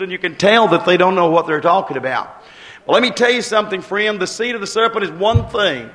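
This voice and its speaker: A man's voice: high-pitched, fairly bright tone. A man preaching a sermon with a rising and falling cadence, repeating phrases as he builds each point.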